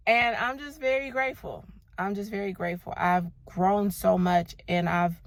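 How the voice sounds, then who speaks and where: Expressive woman sharing a faith testimony. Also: on the low side, no room sound. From Los Angeles, United States. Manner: expressive, emphatic, calls listeners "baby" and "y'all". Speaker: vlogger.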